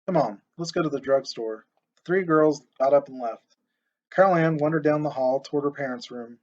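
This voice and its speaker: A man narrating an audiobook in a steady, expressive storytelling voice. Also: medium pitch. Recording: muffled lo-fi recording.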